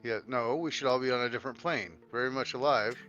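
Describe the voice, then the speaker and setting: A man's voice: medium pitch, quick pace, fairly bright tone, lo-fi sound, faint music behind. A man playing in a tabletop game, joking around with emphatic, swear-heavy banter. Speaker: player.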